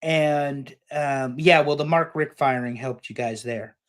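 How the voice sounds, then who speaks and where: Male co-host, a bit higher-pitched, opinionated, jokey, swears freely in casual sports banter. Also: unhurried, a crowd in the background. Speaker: podcast co-host.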